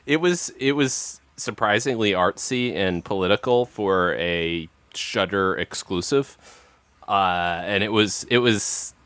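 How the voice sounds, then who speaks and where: A man's voice: fairly low pitch, takes it slowly, fairly bright tone, dry recording. A man co-hosting a podcast, talking in an enthusiastic, rambling casual way. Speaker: podcast co-host. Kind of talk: casual chat.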